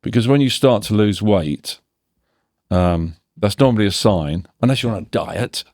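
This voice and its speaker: A man's voice: lowish voice, lively intonation, normal speed, a little mellow, dry recording, clean studio sound. A man in his fifties, a podcast guest, talking reflectively and analytically in a casual interview, often restarting his sentences. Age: 50s.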